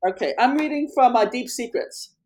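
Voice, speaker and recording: A middle-aged woman researcher and author, telling a story as an interview guest in an earnest, animated way, with frequent restarts. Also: on the high side, normal speed.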